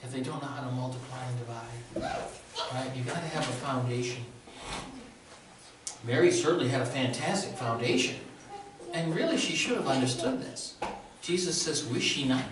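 A man's voice: medium pitch, lively intonation, normal speed, pauses often, noisy background. A male pastor preaching a sermon in a conversational way with a sore throat, often checking in with the congregation. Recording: very echoey room, distant mic.

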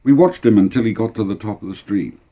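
Older man, low and husky. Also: quick pace, mellow. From Cornwall. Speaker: storyteller. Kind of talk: reading a memoir story aloud.

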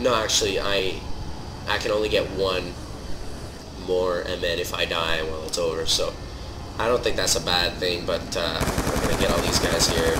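A man as a gaming channel host, giving live gameplay commentary in an excitable way that swings from mumbling to loud outbursts. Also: low voice. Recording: steady background noise.

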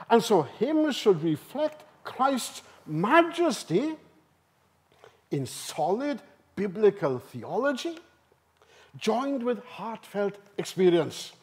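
Male seminar speaker, high and lively delivery, slow, emphatic, keeps prompting the audience. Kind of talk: conference seminar talk. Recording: live talk in a hall.

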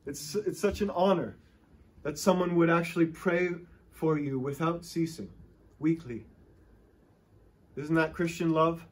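A male pastor preaches with real fervor, urging his congregation on and sometimes tripping over his words on purpose to show excitement. His voice sits a little high for a man and carries a husky edge. The setting is a church sermon. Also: measured pace, long pauses. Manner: impassioned, exhorting, acts out stuttering excitement.

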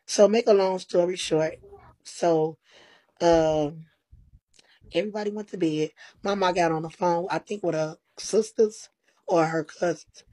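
Woman guest, husky and lowish. Casual, profane storyteller who quotes everyone. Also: unhurried, dry recording, poor audio. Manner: animated, profane retelling full of quoted dialogue. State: tired.

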